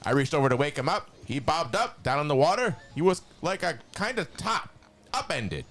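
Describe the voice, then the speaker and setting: A nasal, sneering villain sorcerer with a skeletal edge, as a man puts on a high voice. The pitch sits well above a normal speaking voice, and every line comes out as a menacing dramatic reading. It sounds like a cartoon baddie reciting a long story. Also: sing-song, normal speed, a bit bright. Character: evil skeletal male sorcerer, cackling villain. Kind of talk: dramatic monologue reading in a character voice.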